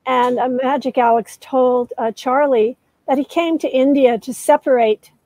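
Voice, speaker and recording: A woman in her seventies with a high, bright voice tells a long story as a guest author. She goes into detail and often pauses on "uh". The sound is dry and close. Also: steady tone, no echo, low-quality recording. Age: 70s. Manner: detailed storyteller, many "uh" fillers. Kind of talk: storytelling in a conversation.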